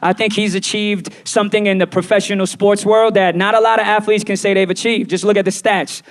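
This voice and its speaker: High-voiced playful stand-up comedian man. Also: a little fast. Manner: animated, playful, acts out quoted voices. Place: small venue with live audience.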